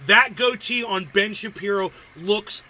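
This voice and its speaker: A man's voice: high-pitched, a little slow, bright, forceful tone, a little hiss or hum, low-quality recording. A man hosting a livestream, reacting to videos with profane, crude ranting and insults. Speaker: livestream host.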